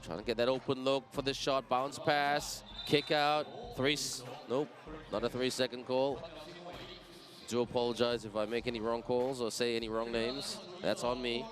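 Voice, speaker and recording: A man gives lively play-by-play of a basketball game in a middle-pitched voice. He sounds upbeat and chatty and keeps greeting viewers. A loud crowd roars behind him at an outdoor venue. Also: normal speed. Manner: energetic, greets viewers in many languages. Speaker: basketball commentator. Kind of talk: live sports commentary.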